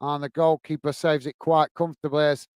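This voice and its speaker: A man hosting a football watch-along, commentating on the match and chatting warmly with viewers in the chat. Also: on the high side, little pitch movement, a little fast, clean tone, no echo. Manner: chatty, says "mate" a lot, reads chat messages aloud.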